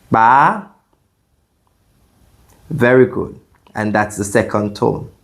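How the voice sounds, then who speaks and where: A man teaching a beginner language lesson, explaining clearly and patiently and demonstrating sounds by repeating them. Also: medium pitch.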